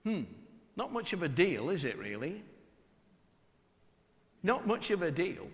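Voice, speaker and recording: A middle-aged man from northwest England, with an accent to match, preaches a chatty, humorous sermon full of rhetorical questions. His high voice swings widely in pitch at a measured pace, in a big-room acoustic.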